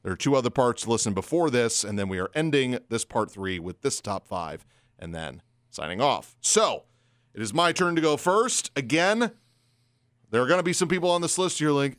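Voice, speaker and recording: A man's voice: medium pitch, moderate pace, no room sound. Guy co-hosting a wrestling podcast, voice jumps all over, dry close mic. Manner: animated, acts out quoted lines. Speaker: podcast co-host. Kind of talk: casual wrestling podcast chat.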